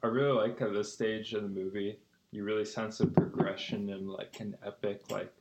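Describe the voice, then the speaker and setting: A man's voice: lowish voice, little pitch movement, roomy sound, very noisy. A man co-hosting a podcast in casual film discussion, easygoing and full of fillers. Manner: easygoing, filler-heavy, quick to agree. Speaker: podcast co-host.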